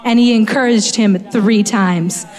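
A woman's voice: a little high, steady tone, a little slow, a little mellow. A woman preacher giving a sermon in an earnest, conversational way, speaking straight to her listeners. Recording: long hall reverb.

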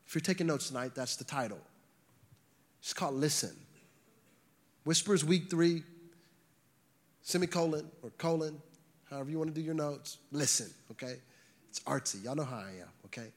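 A man's voice: fairly high pitch, moderate pace, pauses often. A man, a pastor, preaching a sermon in a conversational way to a congregation, often restarting words and using fillers. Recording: long reverb of a large hall.

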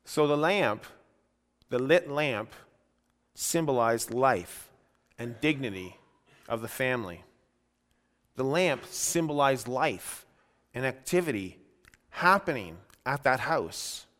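Emphatic preacher in a reverberant hall. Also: male voice, medium pitch, lively intonation, a bit bright. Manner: emphatic, rising and falling with slow stressed phrases. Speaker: pastor. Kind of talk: sermon.

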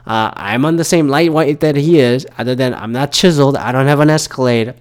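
A man's voice: mid-range voice, fairly quick. Host, thirties, male; loose and profane, rambling talk with many fillers. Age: 30s. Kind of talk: casual solo commentary.

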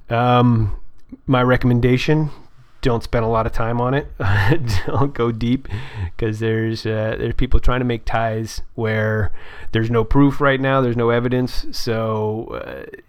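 A middle-aged man hosting a casual political talk show, rambling and halting with many fillers and restarts, his throat dry. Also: medium pitch, steady tone, smooth, no room sound. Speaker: podcast host.

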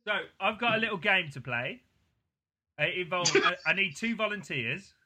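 A man's voice: high voice, lively intonation, moderate pace, bright, forceful tone. A man hosting a podcast in casual chat, laughing often and leading the segments. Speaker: podcast host.

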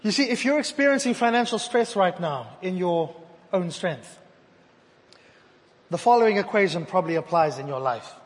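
A man preaching a sermon to his congregation, swinging from loud emphatic repetition to hushed, intimate phrases. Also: high voice, lively intonation, normal speed. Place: church hall. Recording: long hall reverb.

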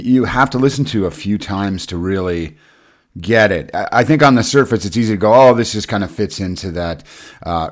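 A man on a podcast panel, talking casually about a band's history in an easygoing, hesitant way with many uhs. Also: deep voice. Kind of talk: casual album review chat.

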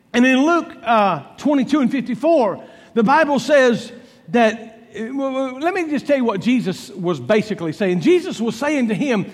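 Preacher man, really high voice, acts out the bible story, big loud-soft swings, echoey hall. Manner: dramatic storytelling, acting out biblical dialogue with swings in volume. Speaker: pastor. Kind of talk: sermon.

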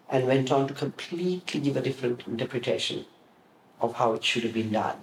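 A man's voice: mid-range voice, brisk. A man remembers his working years in an interview, slipping into other people's voices as he tells his stories. His voice sits in the middle of the male range. The room gives it a noticeable echo, and there is a faint hiss of room noise behind him. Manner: animated storyteller, acts out quoted voices. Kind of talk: reminiscing in an interview.

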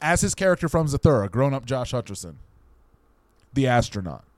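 A man's voice: mid-range voice, very animated, a little fast, dry recording. Playful young man, dry close sound. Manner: playful storyteller, spins made-up plots. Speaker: podcast co-host. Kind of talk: casual comedic chat.

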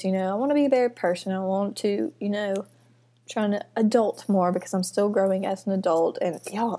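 Recording on a computer mic in her student apartment, a young adult woman launches her first solo podcast. Her medium-pitched chat is rambling and filler-heavy, nervous yet excited.

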